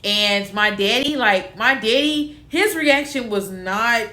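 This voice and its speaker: A woman's voice: fairly high pitch, takes it slowly. A young woman, casually telling a personal story and acting out the voices of family members. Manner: animated, acts out quotes of family. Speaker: vlogger. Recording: echoey room.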